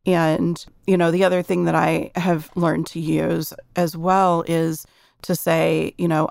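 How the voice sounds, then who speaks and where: A woman's voice: deep voice, flat delivery, a little slow, vocal fry, darkish tone, dry recording, studio quality. A middle-aged woman explaining parenting ideas earnestly in a casual chat.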